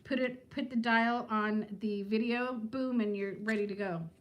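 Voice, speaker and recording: A woman in her fifties hosts a casual live stream from home. Her voice sits slightly high, and she talks easily to viewers, naming them one by one and often laughing. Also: measured pace, dull audio. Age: 50s. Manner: chatty, talks to viewers by name, frequent laughs. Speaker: vlogger hosting a live stream.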